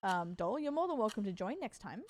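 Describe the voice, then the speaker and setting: A woman's voice: mid-range voice, sing-song, brisk, slight background noise. A tired woman streamer chatting casually with her live chat and cooing to her cat between remarks.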